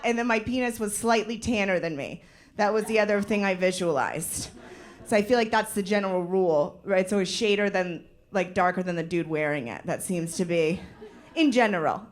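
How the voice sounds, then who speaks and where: A woman comedian telling stories on stage, acting out characters with sudden high yells. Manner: animated storytelling, acting out voices with loud high yelps. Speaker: stand-up comedian. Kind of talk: stand-up comedy set. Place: live comedy venue.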